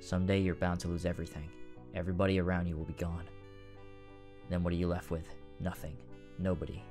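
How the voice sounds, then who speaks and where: A man voicing a brooding, withdrawn teenage boy mercenary in a low, quiet, gloomy read. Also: natural voice.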